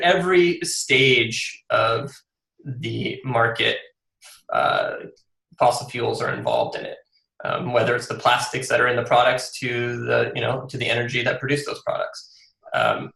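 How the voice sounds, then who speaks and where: Male interview guest, gravelly voice, earnest, often restarts, echoey room. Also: medium pitch, expressive, moderate pace, bright, forceful tone. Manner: earnest, many fillers and restarts. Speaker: guest author. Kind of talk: casual interview.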